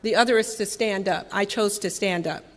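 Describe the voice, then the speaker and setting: A woman in her thirties from Los Angeles, sharing her recovery story with wry candor, swelling loud and dropping soft. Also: mid-range voice, normal speed, background noise. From Los Angeles, California. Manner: candid, wry, raw, with emphatic swells and soft drops. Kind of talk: personal recovery talk. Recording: long reverb from a hall.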